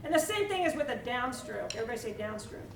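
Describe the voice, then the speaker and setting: High-voiced woman teaching drums in an echoey room. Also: fast, vocal fry, heavy background noise. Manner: energetic, coaxing, asks the room questions. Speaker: percussion clinician. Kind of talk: teaching a live clinic. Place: school band room with students. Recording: echoey room from far off, with drumming.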